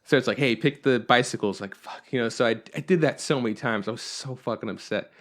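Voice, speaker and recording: Young male podcast co-host, loose and rambling, swears freely, middle-pitched voice. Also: fast. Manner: rambling and profane, with frequent fillers. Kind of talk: casual chat.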